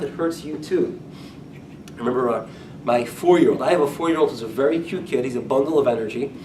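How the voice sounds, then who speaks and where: A man teaching a Talmud class as a rabbi, talking in a conversational way and often repeating or restarting his phrases. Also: mellow. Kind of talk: lecture-style Talmud class. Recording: echoey room, speaker far from mic, faint rumble.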